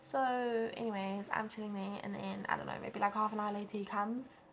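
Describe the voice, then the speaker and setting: A young woman with a South African accent telling a storytime vlog, animated and acting out quotes. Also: fairly quick, slight background noise. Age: young adult. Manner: animated, acts out quotes with big pitch jumps. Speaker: vlogger. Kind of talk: casual storytime.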